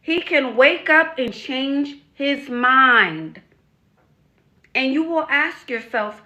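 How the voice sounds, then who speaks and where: A woman's voice: high voice, lively intonation, slow, sharp tone, dull audio. A woman coach giving frank advice to young women on camera, stressing points by repeating them and asking pointed rhetorical questions. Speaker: dating and life coach. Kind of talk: direct-to-camera advice vlog.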